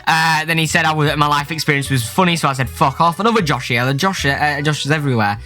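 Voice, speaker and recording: A young man telling jokes in a sarcastic way as he reads out chat messages, now and then breaking into shouts. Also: a little high, quick pace, faint music behind. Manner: sarcastic, jokey, bursts into shouting. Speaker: YouTuber. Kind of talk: comic storytelling, reading out chats.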